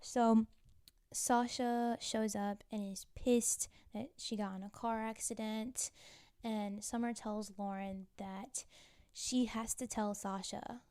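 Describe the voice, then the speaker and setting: A woman's voice: fairly high pitch, steady tone, slow pace, dark tone, clean tone, no room sound, studio quality. A woman recapping TV episodes in a chatty, wry way, full of casual filler and teasing asides. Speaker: TV show recapper.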